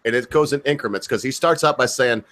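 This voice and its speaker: Male stream host, rambling and profane, average pitch. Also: fast, a bit bright. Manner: rambling, swears, acts out quoted voices. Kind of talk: casual livestream chat.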